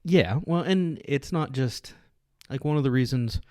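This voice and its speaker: A man's voice: medium pitch, unhurried, no room sound. Chatty man with a dry close sound. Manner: animated storyteller, laughs often. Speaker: podcast co-host, youth pastor. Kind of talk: casual chat.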